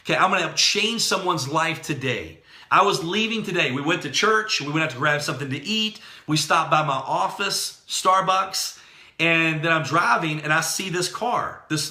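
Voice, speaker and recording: A man delivers a motivational training talk with fired-up, preachy energy. His voice sits a little high and has a very bright, forceful edge. The room around him rings with noticeable echo. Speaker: network marketing trainer.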